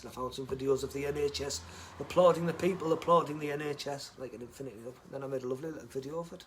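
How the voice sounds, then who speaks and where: A man chatting casually on a live stream, rambling, joking and swearing, muttering asides and then loudly greeting viewers. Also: mid-range voice, steady tone, racing, few pauses, slight background noise.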